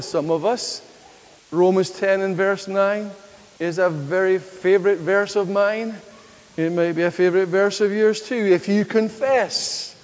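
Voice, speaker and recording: A man preaching a sermon in church, building to emphatic declarations and drawing answers from the congregation. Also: high-pitched. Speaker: pastor. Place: church hall. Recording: reverberant church hall.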